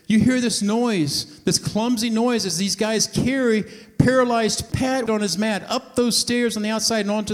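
A man with a high voice preaches to a congregation, telling a story and slipping into the voices of its characters as he goes. His words ring out with a long reverb, the sound of a large hall. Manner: storytelling, acting out voices of the scene. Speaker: pastor. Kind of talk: sermon.

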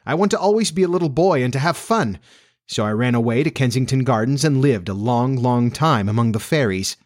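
A man's voice: medium pitch, fairly quick, no room sound, clean studio sound, close to an everyday voice. A man voicing an earnest young boy who never wants to grow up, speaking in a raised, boyish voice. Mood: passionate.

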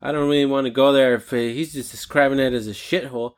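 A man's voice: mid-range voice, steady tone, fast. A man with a non-native English accent hosting a casual venting podcast, talking bluntly with profane, rambling asides. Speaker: podcast host.

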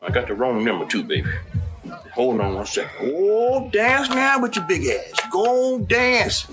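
A fed-up old father who hollers and scolds, his pitch swinging high and low. A film score runs clearly underneath the clip. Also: big pitch swings, measured pace, music in the background. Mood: irritated.

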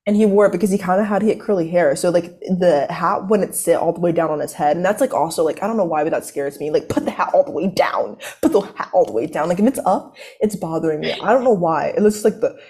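A young woman, a college student, tells a long story in casual conversation with a lowish, mellow voice. She talks quickly with few pauses, rambling along, leaning on fillers and cutting herself off to restart.

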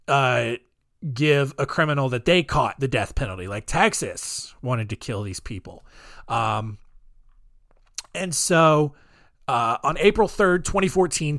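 A man's voice: medium pitch, a bit bright, no echo, studio quality. A young man hosting a podcast, telling true-crime stories in a loose, joking way full of ums and asides. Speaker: podcast host. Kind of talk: casual true-crime storytelling.

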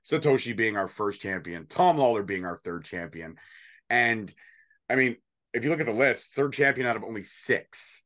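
A man's voice: on the low side, lively intonation, normal speed, fairly bright tone. A man co-hosting a casual wrestling prediction show, joking and rambling with sarcastic asides. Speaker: podcast co-host.

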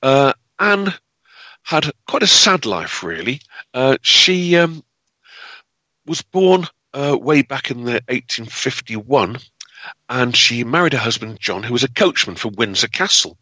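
A man's voice: mid-range voice, big pitch swings, a little slow, bright, forceful tone, no echo, poor audio. A man telling a grim piece of local history in a dramatic, unscripted way, with many fillers and restarts. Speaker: historical storyteller. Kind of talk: spoken history storytelling.

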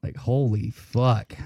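A man hosting a podcast in casual chat, telling animated stories full of swearing and frequent laughter. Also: mid-range voice, no room sound, clean studio sound. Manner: profane, laughing, animated storytelling. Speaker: podcast host.

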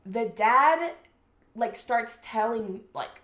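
A young woman with a somewhat high voice gushes through a book recap on a casual podcast. She swears freely and fills her sentences with "like." The sound is roomy and echoey. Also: slow pace. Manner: animated storyteller, swears freely, says "like" often. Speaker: podcast co-host. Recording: roomy echo.

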